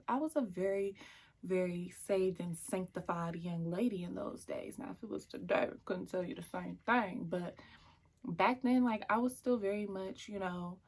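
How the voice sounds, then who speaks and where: A young woman telling a personal story in casual, chatty vlog style, lively and slipping into whispered asides. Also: fairly low pitch.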